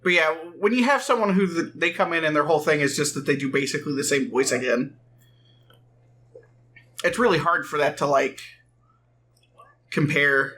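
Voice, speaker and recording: Bright-toned man rambling through game chat. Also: a little high, normal speed, long pauses. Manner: rambling, self-correcting, dry jokes. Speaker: let's play co-host. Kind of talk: casual gameplay chat.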